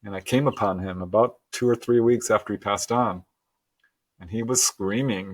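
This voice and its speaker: A middle-aged man as a guest, telling a personal story earnestly and with animated laughs. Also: on the low side, normal speed. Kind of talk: storytelling interview.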